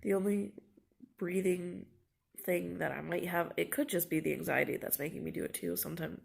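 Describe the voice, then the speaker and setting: Young woman, congested and worn out, husky fry, halting and sighing, talking to her phone at home. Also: on the low side. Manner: halting, sighing, soft and shaky. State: congested, tired and anxious. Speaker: vlogger. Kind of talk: casual vlog talk. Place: indoors at home, lying down. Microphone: phone camera held close.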